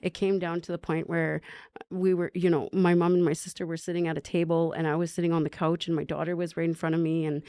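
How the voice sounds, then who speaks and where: Woman from Canada, podcast guest, low voice, heavy vocal fry, earnest storytelling. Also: little pitch movement, fast, mellow, no echo, clean studio sound. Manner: earnest storytelling, with frequent tag questions. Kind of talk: personal recovery story in an interview.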